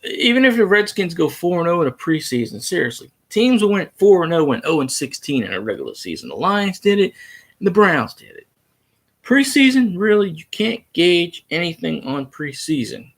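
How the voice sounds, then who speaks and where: Guy ranting on a fan livestream, cussing, kinda high voice that jumps all over the place. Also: very animated, normal speed. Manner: heated, profane, argumentative. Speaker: sports fan livestream host. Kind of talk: casual live chat reacting to viewer comments.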